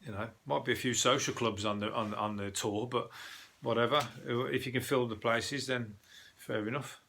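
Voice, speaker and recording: A man's voice: mid-range voice, fairly even intonation, normal speed, gravelly, pushed and bright. A man with a Birmingham accent, hosting a casual solo news podcast in a rambling, sweary, chatty way with lots of fillers. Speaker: podcast host.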